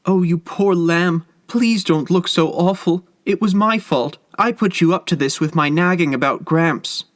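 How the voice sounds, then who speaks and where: A man's voice: mid-range voice, lively intonation, normal speed, dry recording, clean studio sound, pitched above the performer's own voice, close to an everyday voice. A man doing a tearful, soothing wife. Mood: pleading. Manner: soothing, pleading. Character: tearful devoted wife, middle-aged woman.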